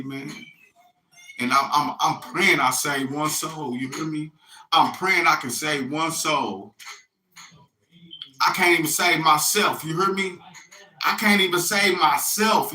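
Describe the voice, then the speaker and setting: A man's voice: fairly high pitch, measured pace, sharp tone, echoey room, poor audio. A middle-aged man giving a rambling, profane spiritual monologue that keeps checking in with "you hear me?". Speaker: self-styled religious messenger.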